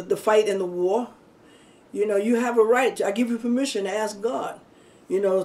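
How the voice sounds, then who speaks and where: A woman's voice: mid-range voice, warm tone, recorded from a distance. Folksy woman preaching, set back from mic. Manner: folksy and emphatic, many "you know" and "okay?". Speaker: minister. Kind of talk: conversational sermon with personal testimony.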